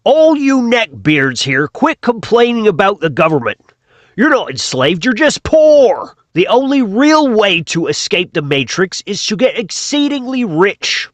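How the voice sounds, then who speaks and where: A man's voice: high voice, very animated, a little slow, no echo. A man doing a smug, brash rich influencer. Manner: smug, taunting.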